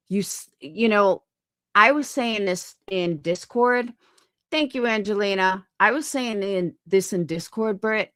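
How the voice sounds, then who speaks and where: A woman's voice: medium pitch, no echo, clean studio sound. A woman streamer ranting angrily on a live stream, swearing often and firing rhetorical questions. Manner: angry, profane, rhetorical questions.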